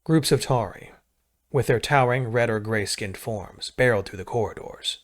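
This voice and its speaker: A man narrating a military science fiction story in a measured, steady read. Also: medium pitch. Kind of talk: scripted sci-fi narration.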